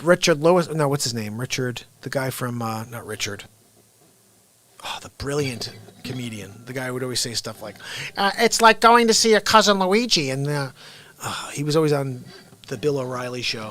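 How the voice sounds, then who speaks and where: A man hosting his own unscripted livestream, chatting casually in an excitable, rambling way with frequent restarts. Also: on the high side. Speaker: livestream host and impressionist.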